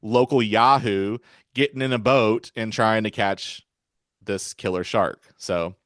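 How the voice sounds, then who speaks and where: Animated man retelling film scenes. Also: on the low side, measured pace, no room sound, clean studio sound. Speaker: podcast guest. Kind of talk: casual film discussion.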